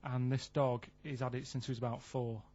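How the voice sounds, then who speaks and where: A man's voice: medium pitch, level tone, a little fast, warm tone, lo-fi sound. A man on a radio show, telling a rambling story in plain casual chat. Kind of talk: casual studio banter.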